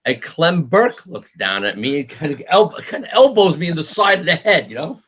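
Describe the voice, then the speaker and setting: A man's voice: a little high, moderate pace, hardly any pauses, slightly rough. A middle-aged man from New York, a musician guest, telling stories in an interview, acting out quoted voices and laughing as he goes. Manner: animated storyteller, acts out quoted voices, laughs often. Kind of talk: storytelling interview.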